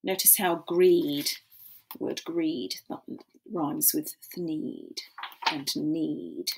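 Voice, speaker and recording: A woman reading a children's storybook aloud in an animated, drawn-out storytelling manner. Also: low voice, creaky. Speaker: storybook reader. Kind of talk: expressive children's read-aloud.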